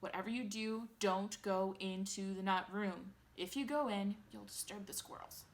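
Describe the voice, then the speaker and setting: A woman voicing an eccentric, excitable male chocolate maker in a storybook reading, brisk and insistent. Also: medium pitch, lightly acted. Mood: explaining.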